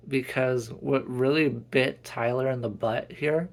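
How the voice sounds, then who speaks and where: Slow, gravelly man reading his novel. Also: mid-range voice, fairly even intonation. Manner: earnest, slow storytelling. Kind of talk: dramatic story reading.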